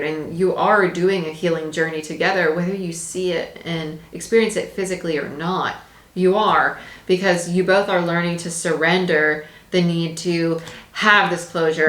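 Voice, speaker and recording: A woman's voice: low-pitched, a bit bright, roomy sound. A woman giving a casual tarot reading, chatty and emphatic, repeating her phrases and laughing often. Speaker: tarot reader.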